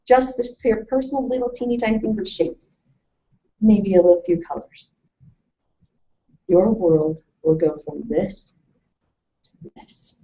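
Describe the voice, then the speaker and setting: A woman presenting a lively talk to a live audience, telling stories and asking questions. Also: on the high side, slight background noise. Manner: animated storytelling, asks the audience questions. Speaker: webinar presenter. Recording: distant mic, muffled lo-fi sound.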